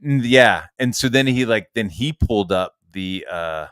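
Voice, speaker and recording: A man hosting a casual, profanity-heavy chat about a video game, animated and acting out quoted voices. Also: fairly low pitch, a little slow, clear, resonant tone, no echo, studio quality. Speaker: host.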